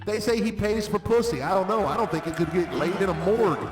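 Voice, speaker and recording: A man with a polished radio voice delivering a theatrical, booming insult-comedy roast. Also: lively intonation, quick pace. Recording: echoey distant voice chat with faint music.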